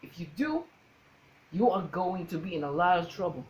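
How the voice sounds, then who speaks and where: A swaggering, aggressive New York tough guy with a thick New York accent, as a man puts him on. The voice is pushed up higher and louder than his normal talk. Faint noise sits behind it. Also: lively intonation, normal speed. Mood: menacing.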